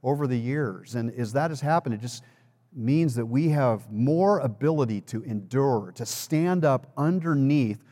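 A man's voice: mid-range voice, measured pace, warm tone. A man preaching a sermon as pastor, telling a personal story in a conversational way and building to emphatic peaks. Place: church sanctuary. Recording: long reverb of a large hall.

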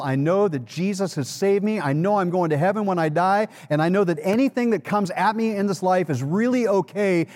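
Speaking a little high with a darkish tone, a man preaches as pastor in a church sanctuary whose large hall adds long reverb. His sermon unfolds as a conversational personal story that builds to emphatic peaks.

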